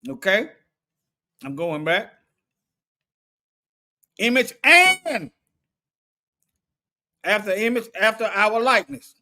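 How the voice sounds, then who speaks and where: A man's voice: sits high, expressive, moderate pace, pushed and bright. A man giving an informal Bible study, thinking aloud in colloquial speech and often repeating himself as he looks up words. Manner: colloquial, repeats and restarts phrases while reading from a lexicon.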